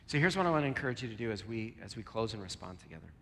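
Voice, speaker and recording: A man preaching a sermon and leading a closing prayer, earnest, moving between loud emphasis and a soft near-whisper. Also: on the low side, big pitch swings, racing, slight background noise. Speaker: pastor. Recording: long reverb, soft guitar behind.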